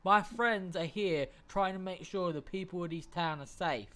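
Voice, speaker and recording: A man voicing a nervous human guard who pleads for calm and turns defensive. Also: high voice, moderate pace. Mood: placating.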